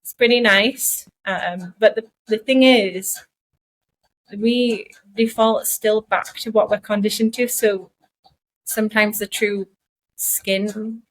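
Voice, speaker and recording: A woman's voice: mid-range voice, fairly even intonation, slow, rough recording. A woman with a Geordie accent co-hosting a podcast, chatting casually and thinking aloud with many asides. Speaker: podcast co-host.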